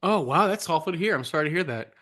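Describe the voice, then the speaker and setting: A man's voice: a little high, expressive, quick pace, fairly bright tone, no room sound, clean studio sound. A man hosting a podcast, chatting with his guest in a casual, eager way. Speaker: podcast host. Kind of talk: casual interview chat.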